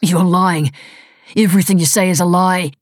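Enraged wounded man read by a woman, raised and hostile, husky edge, dry close sound. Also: normal speed, no echo, close to an everyday voice. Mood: furious. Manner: shouting threats, pitch pushed up. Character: furious injured young man, hostile and swearing.

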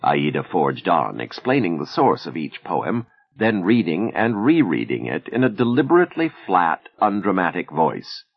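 A man narrating a novel in an expressive storytelling manner. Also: low voice, normal speed, creaky, few pauses, husky, no echo. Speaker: audiobook narrator. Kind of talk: scripted narration. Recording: dull lo-fi recording.

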